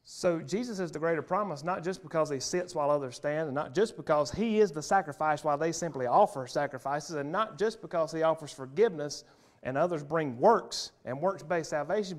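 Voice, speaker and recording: A man preaching a sermon as pastor in a church, emphatic and punchy, repeating key phrases and swinging between loud and soft. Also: a little high. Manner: emphatic, punchy repetition, wide swings in loudness. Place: church sanctuary.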